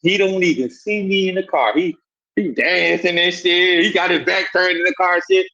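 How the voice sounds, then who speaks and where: A man's voice: high voice, moderate pace. A man from Savannah with a Southern accent, telling a street story in casual talk and acting out the voices in it. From Savannah, Georgia. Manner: animated, acts out voices in quotes. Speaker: guest telling his life story. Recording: dull lo-fi sound.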